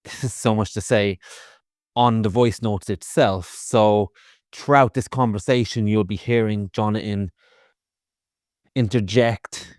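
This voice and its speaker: A man's voice: on the low side, darkish tone, no room sound. Irish man with a dry voice note. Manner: casual, explaining. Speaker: podcast host. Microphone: phone voice note.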